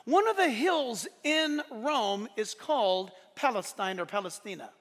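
A pastor preaching a sermon, emphatic and joking, often building to shouts. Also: male voice, very high-pitched, expressive, unhurried, in a large hall.

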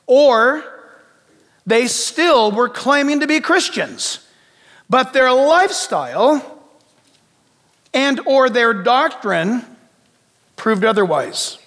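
A male pastor delivers a sermon in a high voice. He stays emphatic, doubles back on his phrases and keeps asking the congregation rhetorical questions. His voice carries through a church with a long reverb tail. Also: sing-song, takes it slowly, pauses often, a bit bright.

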